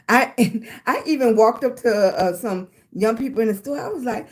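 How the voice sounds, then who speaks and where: A woman's voice: on the high side, animated, normal speed. An older woman with a Southern US accent, chatting casually on her livestream and thanking viewers by name with endearments like sweetie and baby. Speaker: livestream host.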